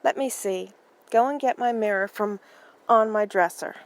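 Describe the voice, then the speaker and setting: A woman's voice: mid-range voice, moderate pace, lightly acted, poor audio. A woman reading aloud as a blunt, unsentimental elderly German woman with a dry, matter-of-fact manner. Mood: calm.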